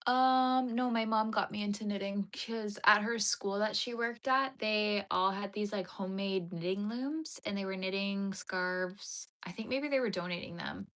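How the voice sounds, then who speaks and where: A woman's voice: mid-range voice, moderate pace, hardly any pauses, fairly bright tone. A young woman hosting a casual crochet livestream, chatting with viewers, giggly and full of "like" fillers. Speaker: livestream host.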